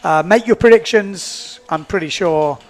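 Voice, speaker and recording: Indoors at a beachside event, a man with a high-sitting voice commentates live on the sport, chatty and upbeat. He keeps a measured pace and often repeats himself as he thinks aloud.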